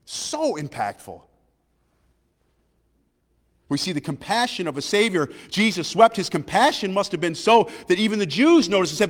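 A man, preaching a sermon to a church, swinging between loud preaching and hushed, quiet lines. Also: high-pitched, sing-song, normal speed, big-room sound. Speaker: pastor.

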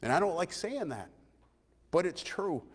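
Preacher in an echoing hall. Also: male voice, high-pitched, sing-song, a little slow, breathy edge. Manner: swings between loud preaching and hushed, quiet lines. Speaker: pastor. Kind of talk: sermon.

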